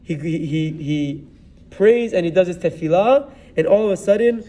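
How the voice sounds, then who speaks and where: A rabbi with a high voice retells a Bible story as a sermon, weaving Hebrew words and verses into his English telling. His voice is picked up from some distance from the microphone. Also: expressive, moderate pace, mellow. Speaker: rabbi giving a Torah talk.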